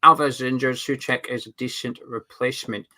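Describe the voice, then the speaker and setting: Bright-voiced man reading fan comments. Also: mid-range voice, steady tone, fairly quick. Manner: rambling, reads out viewer names and comments. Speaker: fan channel co-host. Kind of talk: casual football fan chat reading viewer comments.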